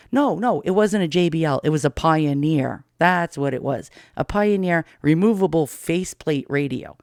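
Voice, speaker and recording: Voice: medium pitch, darkish tone, no room sound, studio quality. A middle-aged storyteller from Queens, telling a personal story in a blunt, profane, darkly amused way. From Queens, New York.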